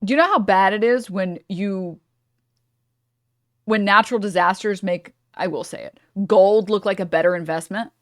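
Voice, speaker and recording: A woman's voice: mid-range voice, moderate pace, no room sound. Woman streamer ranting over clips, swears a lot, keeps cutting herself off, dry close sound. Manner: profane, rambling, self-interrupting. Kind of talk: casual reaction commentary.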